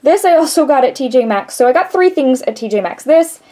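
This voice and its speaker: Woman, casual makeup vlog chat, rambling, fairly high voice. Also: lively intonation, fairly quick, mellow, slight background noise. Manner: chatty, rambling, laughs often. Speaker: beauty vlogger.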